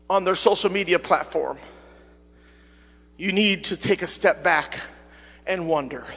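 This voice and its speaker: A middle-aged man preaching a sermon as pastor, swinging from fervent shouting to quieter, conversational talk. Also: high-pitched, long reverb tail. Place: church sanctuary, at the pulpit.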